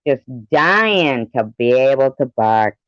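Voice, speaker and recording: A woman commenting over a video clip with slow, sarcastic and scornful remarks, on slightly dull audio. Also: extremely low pitch, expressive, no room sound. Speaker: commentary channel host.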